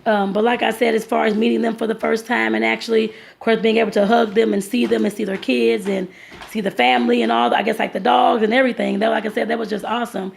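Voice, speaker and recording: A woman vlogger tells a long personal story in a loose, rambling way, calling her viewers y'all. Her voice sits a little high and carries heavy vocal fry. She circles back with fillers and restarts as she talks. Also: flat delivery, fast talker, a little hiss or hum. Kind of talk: casual storytelling vlog.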